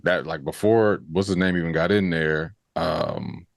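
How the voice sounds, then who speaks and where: A man co-hosting a casual review podcast, relaxed and loose with slang and "you know what I mean.". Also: low-pitched, a little slow, gravelly, no room sound, clean studio sound. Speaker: podcast co-host.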